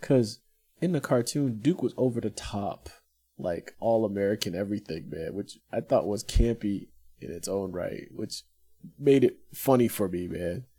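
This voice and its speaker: A lively middle-aged man chatting casually, his pitch swinging widely as he jokes and laughs. His voice is mellow and warm, never sharp. He drops "man" into almost every sentence. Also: moderate pace, husky. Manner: animated, laughs often, talks with a lot of "man". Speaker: podcast co-host. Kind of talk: casual chat.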